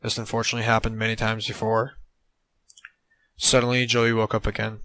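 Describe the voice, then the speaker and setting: A man narrating an absurd comedic story in a deadpan way on a close mic. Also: on the low side, brisk, dry recording, low-quality recording.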